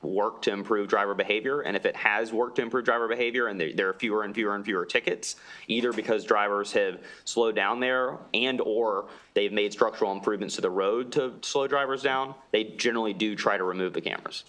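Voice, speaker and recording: A man's voice: fairly low pitch, brisk, fairly bright tone. A man, the bill sponsor, answering a committee's questions directly and matter-of-factly.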